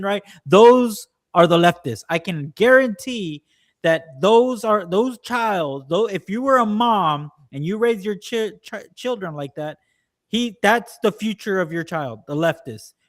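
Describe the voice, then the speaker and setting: A man co-hosting a casual political podcast, ranting at length and mimicking people in quick quoted asides. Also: sits high, lively intonation. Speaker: podcast co-host.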